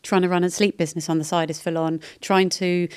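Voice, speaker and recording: A woman's voice: lowish voice, flat delivery, fast, darkish tone, smooth, no echo, studio quality. A British woman in her thirties, a podcast guest, talking candidly in a chatty, rambling way that often interrupts itself. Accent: British English. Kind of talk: candid casual chat.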